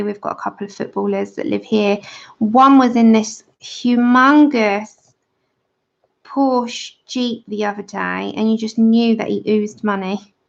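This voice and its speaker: A woman chats at an easy, slow pace as she colors on a livestream, her fairly high voice catching into gravelly fry. She talks straight to her viewers and answers their chat messages. The sound is a little dull and lo-fi. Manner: chatty, reads out and answers live chat. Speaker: livestream host. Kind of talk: casual chat while coloring.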